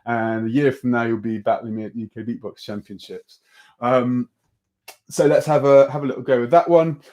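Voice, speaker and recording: A young man runs an online beatbox workshop, relaxed and encouraging, explaining with lots of ums and restarts. His voice is mid-range and his pace moderate.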